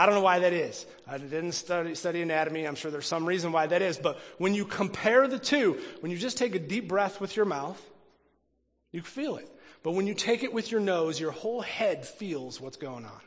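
This pastor's sermon is lively, with a fairly high-pitched male voice that shifts from booming emphasis to near-whispers. He tends to repeat words while working through his thoughts, and the sound trails off in a long reverb.

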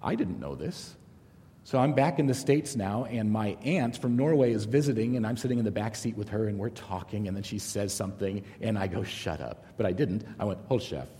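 A man's voice: fairly low pitch, fairly quick. A middle-aged man teaching a Bible study in a conversational style, telling stories and jokes along the way. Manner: conversational, animated storytelling with jokes. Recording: long hall reverb.

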